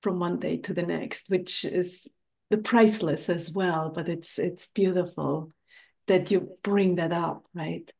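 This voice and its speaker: A woman's voice: lowish voice, fairly even intonation, a little slow, vocal fry, a little mellow. A woman hosting a podcast in a casual interview chat, affirming her guest and often tagging "right?". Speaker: podcast host.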